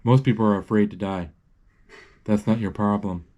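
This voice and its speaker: Wry woman's farewell lines, read by a man low and flat. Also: moderate pace, dull audio, close to an everyday voice. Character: wry woman parting from her lover.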